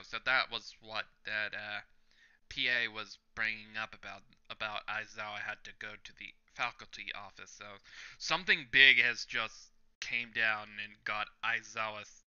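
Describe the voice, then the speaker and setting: A man's voice: on the low side, fairly even intonation, moderate pace, smooth, dull audio. A man hosting a reaction channel, reading a manga chapter aloud panel by panel with his own commentary and chuckling at the jokes. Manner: narrates panel by panel, reading lines out loud.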